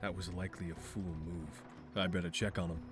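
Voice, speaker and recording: A man voicing a gruff young bounty hunter in a game, speaking in a dry, grumbling way. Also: low-pitched, fairly even intonation, brisk, close to an everyday voice. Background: music.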